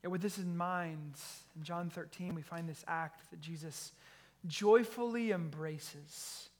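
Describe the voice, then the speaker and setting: A male pastor with a fairly high voice delivers a sermon. He reads a scripture passage and then explains it, his voice climbing when he acts out what the characters say. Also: unhurried. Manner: reads scripture then preaches, voice rises when acting out quotes.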